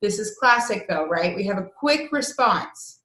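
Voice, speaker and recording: A woman's voice: mid-range voice, animated, unhurried, pushed and bright. A woman coach teaching an online class, talking earnestly and conversationally and often checking in with "right?". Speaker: coach teaching a transformation course. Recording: roomy echo.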